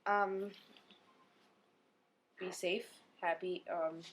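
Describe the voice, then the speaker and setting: A woman's voice: lowish voice, steady tone, extremely slow, a bit bright, a little hiss or hum. A young woman hosting a casual vlog, giggling as she chats to the camera. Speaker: vlog host. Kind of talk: casual chat.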